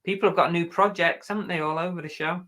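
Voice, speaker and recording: A man's voice: sits high, fairly even intonation, fast talker, crowd noise. An English man hosting a casual live chat, joking around and reading out viewer comments. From England. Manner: jokey, chatty, reads out viewer comments. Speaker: livestream host.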